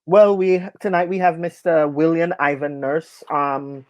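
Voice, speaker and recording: A man's voice: a little high, a little slow, darkish tone, lo-fi sound. A man co-hosting a live talk show, speaking hesitantly with many fillers and restarts. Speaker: co-host.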